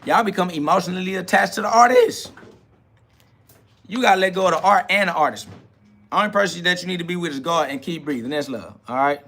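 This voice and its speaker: A livestream host preaches in a casual monologue, his voice high, brisk, bright and forceful. He's swaggering and slangy, talking back to chat comments, with faint music behind.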